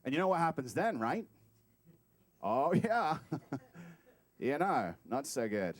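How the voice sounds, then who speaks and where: A man giving a sermon as a guest speaker, animated and playful, acting out little scenes as he talks. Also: medium pitch, unhurried, no room sound. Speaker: guest speaker at a spiritual center. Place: talk hall.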